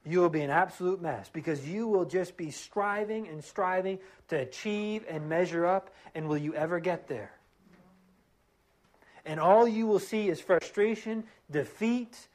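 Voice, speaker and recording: A man with a slightly raised pitch delivers a sermon from the pulpit of a church. He preaches with earnest emphasis, hammering points through repetition, and eases into a hushed, reverent prayer. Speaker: pastor.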